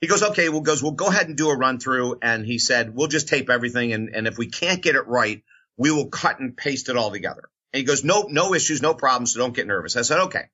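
A man's voice: medium pitch, animated, fast talker, sharp tone, breathy edge, dull audio. A man, a radio host and motivational speaker, telling a career story in an interview and acting out the voices of the people in it.

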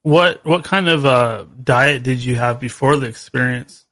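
A man hosting a casual interview, easygoing and halting with fillers. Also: medium pitch, a bit bright, no echo. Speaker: host.

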